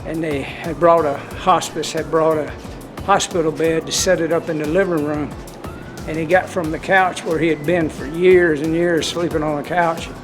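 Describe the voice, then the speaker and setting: Earnest Southern vlogger, slightly high voice, rambling folksy delivery, music underneath. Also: male voice, fairly even intonation, moderate pace. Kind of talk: personal storytelling and spiritual talk. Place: outdoors in cold wind. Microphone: handheld camera.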